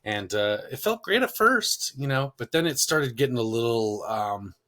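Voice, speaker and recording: A man co-hosting a parenting podcast, telling a rambling personal story full of fillers, getting loud and animated when he quotes himself. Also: medium pitch, moderate pace. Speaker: podcast co-host. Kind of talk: casual conversational storytelling.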